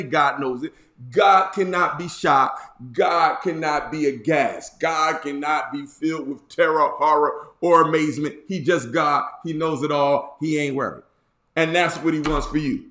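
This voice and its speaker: A man's voice: a little high, fairly bright tone, echoey room. A man preaching a casual sermon as a bishop, in a folksy way that repeats key lines for emphasis. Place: church.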